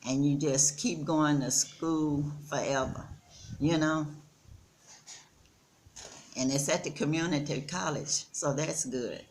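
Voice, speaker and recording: A woman's voice: low voice, fairly even intonation, darkish tone, a little hiss or hum. A woman in her sixties with a Texan accent, chatting earnestly to her viewers in a casual vlog. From Texas. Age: 60s. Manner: slow, earnest, addresses viewers as y'all. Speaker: vlogger. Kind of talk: casual chat. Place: outdoors in the Gambia.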